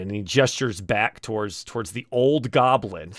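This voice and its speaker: A man narrating as game master of a tabletop game, speaking haltingly with frequent restarts. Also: fairly low pitch, no echo, studio quality.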